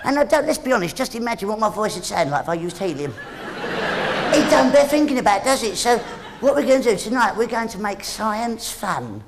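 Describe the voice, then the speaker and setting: A man in his thirties with a squeaky, high voice, doing cheeky, quick-fire stand-up comedy. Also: big pitch swings, creaky, background noise. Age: 30s. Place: theatre stage. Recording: live stage show with crowd and music. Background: audience laughter and music.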